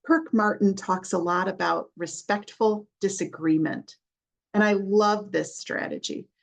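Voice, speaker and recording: Slow-talking woman with a gravelly edge. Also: mid-range voice. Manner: earnest, explanatory, with many restarts and acted examples. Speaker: therapist and podcast host. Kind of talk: podcast talk giving parenting advice.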